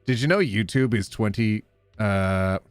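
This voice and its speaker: A man's voice: on the low side, unhurried, clean tone, dry recording. A man chatting casually on a livestream, joking and laughing often. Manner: giggly, joking and animated, with playful put-on voices. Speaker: streamer.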